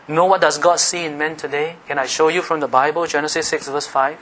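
A man preaching a sermon, animated, teasing the congregation with questions and laughing. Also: a little high, a little fast, hardly any pauses, slight background noise, rough recording. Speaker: pastor.

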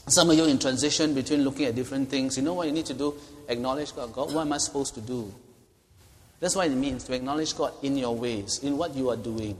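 Middle-aged pastor in reverberant hall. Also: male voice, medium pitch, quick pace. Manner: conversational, frequent "okay?" check-ins. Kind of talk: bible study teaching.

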